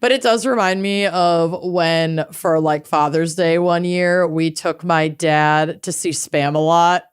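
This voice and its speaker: A woman co-hosting a podcast, chatting casually with jokes and quick asides. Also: on the low side, clean tone. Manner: animated, joking, quick asides. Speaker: podcast co-host. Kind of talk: casual chat.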